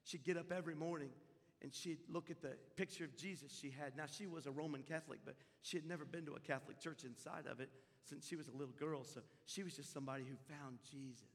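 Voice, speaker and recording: Casting: male pastor, middle-aged, high gravelly voice, sermon in a reverberant church hall. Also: fairly even intonation, fast. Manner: impassioned, storytelling, swells loud at peaks. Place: church sanctuary.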